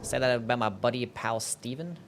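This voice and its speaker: Casual gameplay commentary comes from a young streamer with a mid-range voice who talks fairly quickly. Relaxed, he reads and answers chat questions, occasionally swearing, over a slight hiss or hum.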